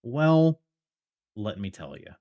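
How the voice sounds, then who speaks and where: A man's voice: fairly low pitch, sing-song, takes it slowly, no echo, lo-fi sound. A man hosting a podcast, reviewing wrestling shows in a casual, rambling way with many fillers. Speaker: podcast host.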